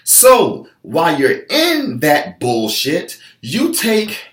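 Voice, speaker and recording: Male fitness coach, preachy motivational delivery, lively pitch, roomy echo. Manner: emphatic, preachy, acts out clients' voices. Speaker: fitness trainer. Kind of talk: motivational talk. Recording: echoey room.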